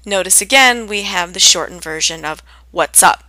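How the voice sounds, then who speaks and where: A woman teaching common English greetings in a clear, deliberate lesson, acting out the example phrases in a lively way. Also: medium pitch, no echo. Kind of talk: scripted lesson on spoken greetings.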